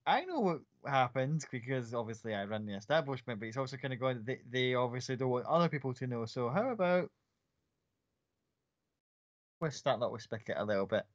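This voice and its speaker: Man doing a smooth tavern keeper, sly, polite, muffled audio. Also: medium pitch, lively intonation, brisk, close to an everyday voice. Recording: muffled lo-fi recording.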